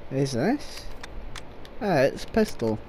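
A woman giving loud, profane commentary over gameplay, swearing and laughing often. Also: rumbling low, big pitch swings, slow pace, a little hiss or hum. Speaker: gaming video creator.

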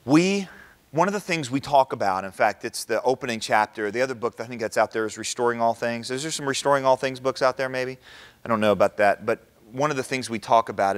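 Male speaker, lively public talk, keeps quizzing the crowd with questions. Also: medium pitch. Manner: animated, quizzes the audience with rhetorical questions. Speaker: Christian speaker addressing an audience.

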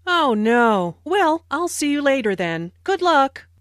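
Friendly woman greeting a pal, read by an actress; high, animated delivery for a textbook dialogue. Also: slow pace, no room sound, studio quality, heavily acted.

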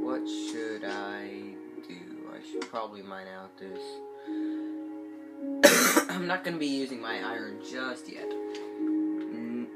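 Rambling sick young man with guitar music behind. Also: on the low side. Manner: rambling, hesitant, many fillers. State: sick, congested voice. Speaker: gameplay channel host. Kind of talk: casual gameplay commentary. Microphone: phone.

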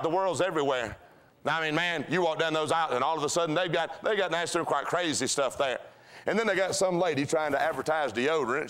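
A man's voice: a little high, expressive, a little fast, a bit bright. A man preaching a sermon in a church, folksy and storytelling, with repeated rhythmic phrases. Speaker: pastor. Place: church sanctuary.

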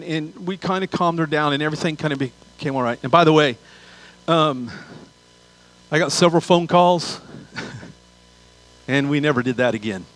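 A man's voice: fairly high pitch, a bit bright, rough recording. A man preaching a sermon as pastor, telling a funny story with asides before turning to scripture.

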